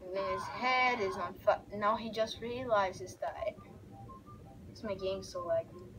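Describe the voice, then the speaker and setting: A woman giving excitable let's-play commentary, reacting loudly and narrating the action on screen. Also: medium pitch, a little slow, a crowd in the background, low-quality recording. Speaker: gaming video creator.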